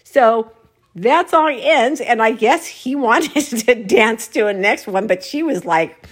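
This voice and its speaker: A woman's voice: a little high, animated, unhurried, breathy edge. A woman telling a casual personal anecdote, often breaking into laughter mid-sentence as she tells it.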